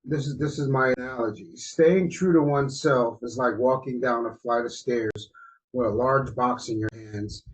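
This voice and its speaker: A man's voice: mid-range voice, steady tone, normal speed. A man from New Jersey co-hosting a podcast, telling stories in a loose, slangy way. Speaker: co-host. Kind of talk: casual podcast chat. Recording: muffled, lo-fi audio.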